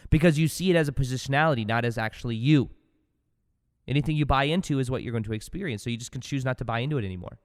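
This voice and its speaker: On his spiritual self-help podcast, the host gives a casual motivational talk in a loose, animated way, alternating low asides with sudden loud bursts. He has a smooth, resonant voice at mid pitch, followed by a long reverb.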